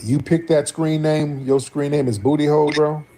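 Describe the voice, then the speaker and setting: A man's voice: a little high, level tone, moderate pace, mellow. A man hosting a live call-in stream, blunt and teasing as he questions callers. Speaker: livestream host taking callers. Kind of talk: casual call-in talk.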